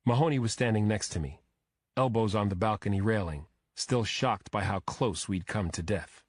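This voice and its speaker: A man narrating a first-person crime thriller audiobook in a steady, measured way. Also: on the low side, dry recording, studio quality.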